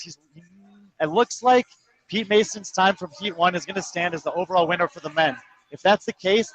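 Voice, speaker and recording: High-voiced man calling live action. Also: fairly bright tone, poor audio. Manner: rapid, precise, number-heavy calling. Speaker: sports commentator. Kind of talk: live play-by-play commentary.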